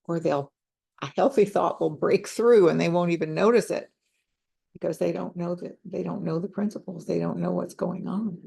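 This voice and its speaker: Speaking low and steady, with vocal fry and a mellow, slightly breathy sound, this older counselor and teacher recounts a case from her practice. She takes her time, reflective and conversational, with fillers along the way.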